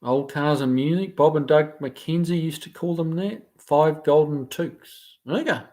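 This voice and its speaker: With a dark tone and a voice on the high side, a New Zealand live stream host talks at a measured pace. He reads viewers' comments and replies casually and loosely, often using fillers and starting over.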